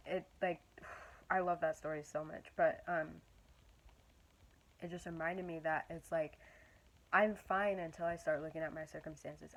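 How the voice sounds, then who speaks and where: A woman's voice: deep voice, poor audio. A young woman talking casually and earnestly about her faith, rambling and searching for words with many fillers. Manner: earnest and encouraging. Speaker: Christian vlogger. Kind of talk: casual faith talk to camera.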